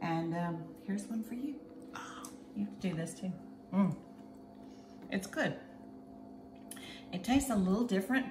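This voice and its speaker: In her home kitchen, a woman hosts a casual cooking demo, chatty and a little bossy as she walks through each step. Her mid-range voice is animated yet unhurried, with frequent pauses. The kitchen sounds echoey, and background noise is clearly audible.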